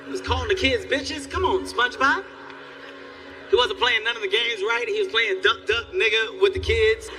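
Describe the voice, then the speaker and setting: A man doing stand-up comedy, telling a profane story in an animated, exasperated way. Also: extremely high pitch, moderate pace. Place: live comedy venue. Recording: distant live stage recording with faint music.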